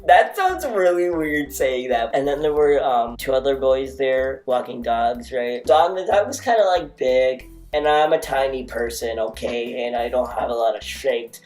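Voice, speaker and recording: A man's voice: mid-range voice, measured pace, few pauses, a little mellow, soft background music. A man telling a rambling storytime in a casual, self-mocking way, full of "like" fillers and sudden dramatic exclamations. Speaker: vlogger.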